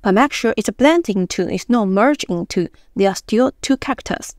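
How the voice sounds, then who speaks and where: A woman teaching Mandarin pronunciation, explaining in short phrases and slowly repeating the example words. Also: mid-range voice, lively intonation, darkish tone, dry recording, clean studio sound. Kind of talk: pronunciation lesson.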